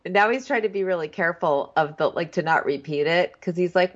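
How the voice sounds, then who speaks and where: Female co-host, chatty storyteller, lower voice, muffled lo-fi audio. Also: a little fast, hardly any pauses. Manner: chatty storyteller, acts out quotes. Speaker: podcast co-host. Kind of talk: casual chat recapping a reality show. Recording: dull, lo-fi sound.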